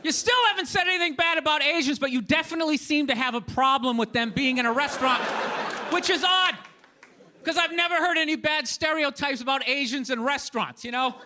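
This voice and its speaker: A man's voice: very high-pitched, brisk, sharp tone, slight background noise. A man doing a stand-up comedy set, ranting in an incredulous way and acting out the people he quotes.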